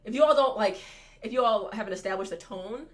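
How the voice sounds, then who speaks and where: A woman's voice: medium pitch, fast talker. A woman co-hosting a podcast in casual chat, thinking aloud in a rambling way with many fillers. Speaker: podcast co-host.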